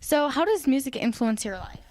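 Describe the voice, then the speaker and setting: A teenage girl interviewing a classmate, reading questions in a flat, quick way. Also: high-pitched. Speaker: student interviewer.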